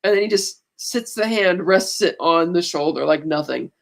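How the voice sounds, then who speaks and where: A woman's voice: lowish voice, normal speed, creaky. A woman co-hosting a podcast in casual chat, retelling a movie scene by scene and loosely quoting the characters. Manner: retells a film plot, breezily quoting characters. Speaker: podcast co-host.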